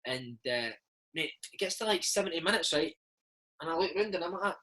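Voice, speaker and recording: A Scottish man in his thirties, a former footballer, telling animated stories in a casual interview and slipping into impressions. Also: on the high side, brisk, breathy edge, low-quality recording. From Scotland. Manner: animated storyteller, slips into impressions of his old coach.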